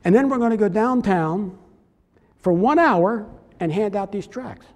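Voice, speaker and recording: A man's voice: sits high, expressive, a little slow. A man preaching a sermon in a conversational way, often acting out the voices of doubters. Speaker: pastor. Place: church sanctuary. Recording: long hall reverb.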